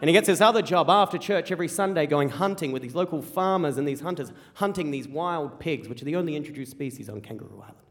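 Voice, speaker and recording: An Australian man from rural South Australia telling a comic personal story live on stage, animated and quick with repeated phrases. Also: on the high side. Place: theater stage before a live audience. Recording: long hall reverb from a live venue.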